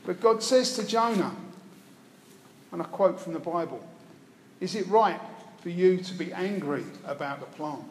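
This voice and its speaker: A man's voice: high voice, normal speed, long pauses. A man preaching a sermon, retelling a Bible story with wry storytelling asides. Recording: echoey hall, faint room noise.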